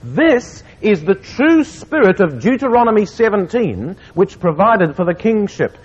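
A man preaching a sermon to a congregation, reading scripture slowly with earnest emphasis. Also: high-pitched, big pitch swings, slightly rough. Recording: muffled recording in a reverberant hall.

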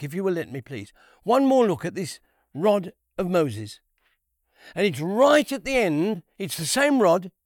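Bible teacher, male, high voice, dry close sound, unhurried, repeats himself for emphasis. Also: dry recording. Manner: unhurried, repeats key phrases, asks rhetorical questions.

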